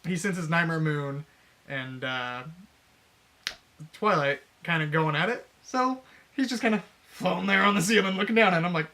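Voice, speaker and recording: A man's voice: on the high side, normal speed, sharp tone. A man casually retelling a fanfic plot on a podcast, laughing and swearing as he acts out the lines. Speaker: podcast co-host.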